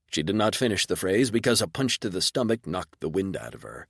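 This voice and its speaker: A man narrating a first-person sci-fi audiobook in a measured, terse manner. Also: deep voice, sing-song, vocal fry, fairly bright tone, husky, no echo, studio quality.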